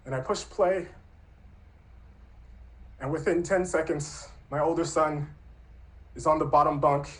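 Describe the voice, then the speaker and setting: A man in his thirties telling a true personal story in an earnest, reflective, softly spoken way. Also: a little high, rough recording.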